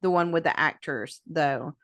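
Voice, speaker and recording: A woman's voice: deep voice, a little slow, a bit bright, no echo. A woman co-hosting a podcast, chatting casually and thinking aloud with many fillers. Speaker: podcast co-host. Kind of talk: casual chat.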